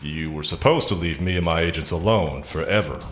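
A man voicing a defiant male agent handler who talks in a low, gruff, contemptuous way. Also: fairly quick, natural voice. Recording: roomy recording with faint music.

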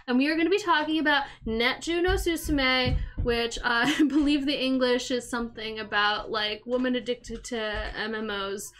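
A woman's voice: sits high, bright, forceful tone. A young woman hosting a podcast, chatty and giggly as she teaches Japanese phrases. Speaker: podcast host. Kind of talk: casual chat.

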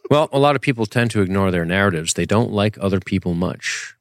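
Male podcast co-host, lowish voice, dry close sound, casual and profane. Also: expressive, fairly quick, no echo. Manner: joking, profane, acts out quotes from the show. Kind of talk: casual recap chat.

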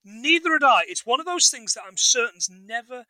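Very high-pitched and sing-song, this man's voice comes across bright and forceful at a normal speed, with no echo but rough recording quality. As co-host of a laid-back movie recap podcast, he rambles, jokes around, and acts out the film's quotes.

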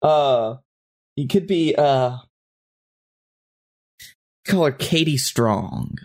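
A man's voice: mid-range voice, expressive, drawn-out words, a little mellow. A man brainstorming a story casually, hesitant with frequent fillers.

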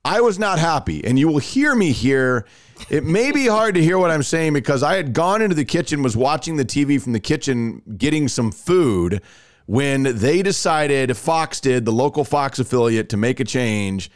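A man hosting a casual sports talk podcast, telling stories in an animated, self-mocking way. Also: medium pitch, normal speed, no echo, clean studio sound. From Alabama, US. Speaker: podcast host.

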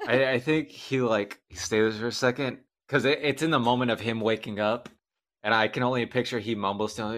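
A man's voice: lowish voice, steady tone, brisk, a bit bright. A man playing a tabletop game, talking in sheepish, mumbled asides. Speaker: player.

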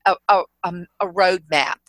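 A middle-aged woman with a Southern accent from South Carolina, a humorist guest telling lively stories in a casual interview and laughing often. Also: fairly low pitch, measured pace, no room sound, poor audio. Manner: storytelling, animated, laughs often.

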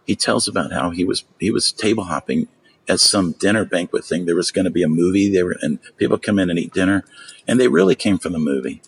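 A man telling stories in casual chat, acting out the people he quotes with lively jumps in his voice. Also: quick pace, gravelly, a little hiss or hum, poor audio. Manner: animated storyteller, acts out quotes with big pitch jumps. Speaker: magician and storyteller guest.

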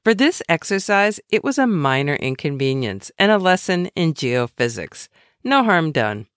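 A woman reads aloud from her own devotional book, her voice rising and falling in a lively, expressive way. She keeps it conversational and drops in wry asides, and the sound is close and dry with no room echo. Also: sits low.

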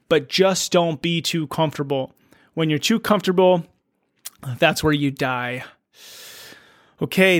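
Reflecting alone on his podcast, a middle-aged host thinks aloud earnestly and asks questions as he goes. He speaks at a fairly high pitch, sounding a bit bright. The studio sound is clean, with no room sound.

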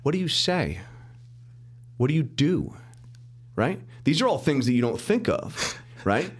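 A middle-aged man, a mortgage lender, telling his story as a podcast guest in an animated way, acting out the dialogue and laughing as he goes. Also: fairly high pitch, a little slow, slightly rough. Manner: animated storyteller, acts out quoted dialogue, restarts and laughs often. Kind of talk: casual storytelling interview.

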